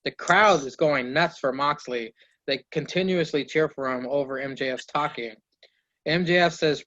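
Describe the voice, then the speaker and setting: Male podcast host, higher voice, casual swearing recap, dull lo-fi audio. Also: moderate pace, fairly bright tone. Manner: loose, swearing play-by-play recap with impressions of wrestlers.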